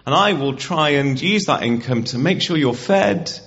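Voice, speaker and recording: A man's voice: medium pitch, lively intonation, moderate pace, fairly bright tone. Man preaching a chatty, interactive sermon. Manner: conversational, gets the congregation to repeat words. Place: church hall. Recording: dull, muffled church recording.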